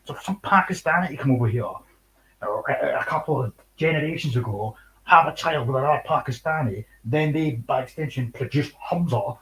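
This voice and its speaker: A young Scottish man hosts a livestream, chatting casually in a cutting, scornful, sweary way and laughing between points. His mid-range voice is a bit bright, his pace moderate, and the low-quality recording carries a little hiss or hum.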